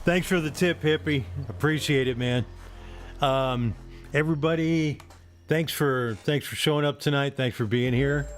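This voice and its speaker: A relaxed male host with an average voice chats loosely on a live stream, laughing along and thanking the people watching. Faint music plays in the background. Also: medium pitch, moderate pace. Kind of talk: casual live-stream chat.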